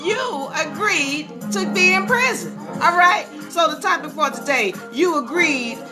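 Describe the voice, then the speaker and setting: A woman hosting a live stream about law, talking to her viewers in a chatty, animated way and sometimes breaking into sing-song. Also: extremely high pitch, measured pace. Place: live social-media stream. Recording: live stream with music playing behind.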